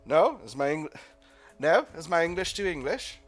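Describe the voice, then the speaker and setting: A man's voice: on the high side, wildly swooping pitch, rapid-fire, fairly bright tone, husky, soft background music, heavily acted. Man doing a nervous faintly British butcher. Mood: puzzled. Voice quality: faintly British accent, put on. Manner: hesitant, eager-to-please shopkeeper. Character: nervous middle-aged male local butcher.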